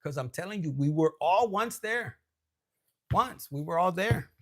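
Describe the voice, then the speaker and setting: Profane high-voiced man giving a loose tarot reading. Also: expressive, measured pace. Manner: loose, profane, streetwise, mixing Spanish slang; laughs often, switches between loud and hushed. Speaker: tarot reader. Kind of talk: casual tarot reading monologue.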